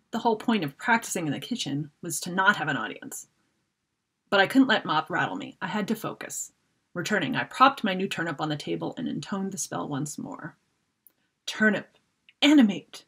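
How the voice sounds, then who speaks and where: A woman's voice: low voice, expressive, fairly quick, creaky, fairly bright tone, breathy edge. A woman author reading aloud from her own children's fantasy novel, telling the story expressively. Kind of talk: read-aloud story narration.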